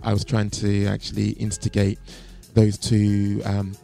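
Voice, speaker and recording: A man's voice: on the low side, monotone, measured pace, gravelly, warm tone, soft background music. A man co-hosting an MMA show, rambling through fight picks with many fillers and restarts. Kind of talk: casual fight-pick chat.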